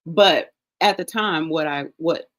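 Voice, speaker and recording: A woman with a low, deep speaking voice leads a casual scripture study. She reads passages aloud and then explains the Hebrew names slowly, often restarting her sentences and going off on small asides. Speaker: Bible study teacher. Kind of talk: casual Bible reading and teaching.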